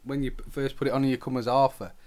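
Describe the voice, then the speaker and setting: A man's voice: mid-range voice, level tone, rapid-fire, a little mellow. A young man, co-hosting a podcast and recounting things in a laid-back, sweary manner. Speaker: podcast co-host. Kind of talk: casual chat.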